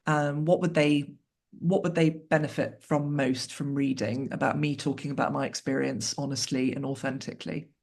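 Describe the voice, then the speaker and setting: A woman's voice: a bass voice, flat delivery, normal speed, gravelly, darkish tone. A woman author speaking as a guest in an interview, talking candidly and reflectively with wry asides over a video call.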